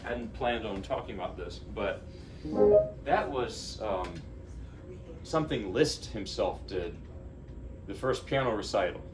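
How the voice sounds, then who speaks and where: A man's voice: on the low side, lively intonation, measured pace, long pauses, loud music behind the voice. Chatty man from New Jersey, distant mic. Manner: chatty, rambling, self-interrupting, lighthearted. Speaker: pianist giving a lecture-recital. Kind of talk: informal lecture between pieces. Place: small living-room-like recital room. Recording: distant mic with faint room ambience.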